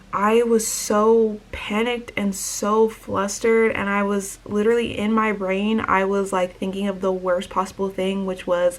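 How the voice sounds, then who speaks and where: A young woman vlogger telling a story in an excited, gushing way, full of "like" fillers. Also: mid-range voice. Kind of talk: casual vlog storytelling.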